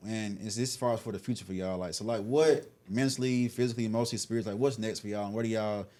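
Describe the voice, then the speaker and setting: A man's voice: on the low side, steady tone, rapid-fire, warm tone. Earnest man interviewer, preachy and casual. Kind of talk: encouraging talk with faith references.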